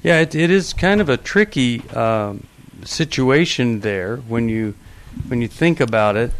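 A man hosting a call-in radio talk show, brisk and friendly, with fillers. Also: mid-range voice, animated, a little hiss or hum.

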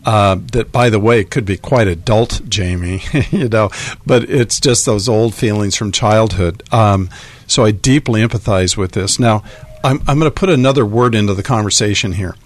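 A man's voice: on the low side, normal speed. A man co-hosting a call-in radio advice show, thoughtfully explaining a caller's feelings. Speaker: radio co-host, counselor.

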